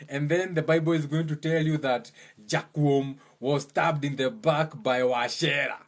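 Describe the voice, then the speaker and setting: A young Kenyan man giving a mocking, joking monologue, laughing at his own lines and slipping into high mimicking voices. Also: fairly even intonation, a little slow. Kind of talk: humorous monologue.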